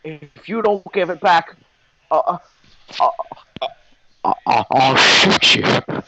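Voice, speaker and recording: A man's voice: on the high side, lively intonation, takes it slowly, bright, forceful tone, no room sound, voice pushed up, full character voice, low-quality recording. A man voicing an upset, crying young boy who wails and pleads. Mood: threatening. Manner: whiny, wailing pleading.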